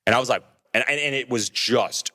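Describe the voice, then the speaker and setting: A man telling a story in casual podcast chat, animated and acting out what others said to him. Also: medium pitch, fairly quick. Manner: animated, acts out quoted voices, many restarts. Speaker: podcast co-host telling his crash story.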